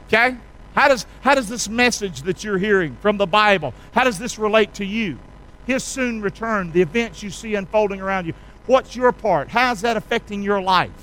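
High-voiced folksy preacher, man. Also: fairly bright tone, rough recording. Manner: call-and-response preaching, asks congregation to repeat; folksy, colloquial. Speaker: pastor. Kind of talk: sermon.

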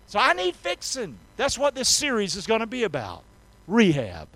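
A man preaching a folksy sermon, calling for responses and swinging from soft talk to shouting. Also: high-pitched, huge pitch swings, normal speed, rough recording. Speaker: pastor. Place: church sanctuary.

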